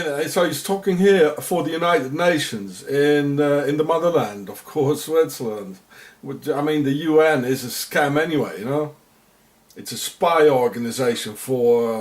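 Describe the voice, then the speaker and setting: The video narrator is a man from South Africa whose mid-range voice carries rambling, sarcastic commentary over on-screen footage, with frequent repetitions and restarts.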